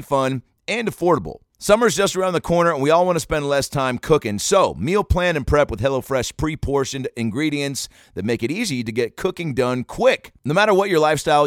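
A man hosting a podcast, reading ads with playful asides and quick self-corrections. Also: medium pitch, dry recording, studio quality. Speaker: podcast host.

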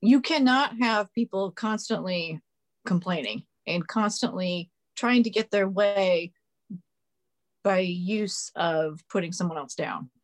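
A woman's voice: medium pitch, slow pace. A woman guest on a podcast, talking casually, blunt, sarcastic and opinionated.

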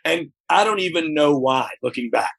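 A man's voice: on the high side, animated, normal speed, gravelly, a bit bright. A man being interviewed as a guest, talking frankly and reflectively, often checking "you know what I mean?". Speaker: interview guest, former wrestler. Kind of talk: candid conversational interview.

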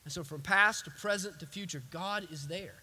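A man's voice: high-pitched, normal speed, pushed and bright, breathy edge, in a large hall. A man preaching a sermon as a pastor, emphatic and repetitive.

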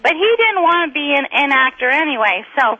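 A middle-aged woman, a guest comedian, telling rambling, excitable stories over a phone line. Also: sits high, fairly quick. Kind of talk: chatty phone interview storytelling.

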